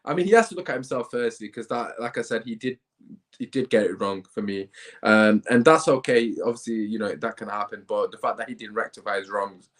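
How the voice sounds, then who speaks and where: A man's voice: on the low side, a little fast, a bit bright. A man hosting a live football reaction stream, talking in a dejected, rambling way with sighs. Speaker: football channel host.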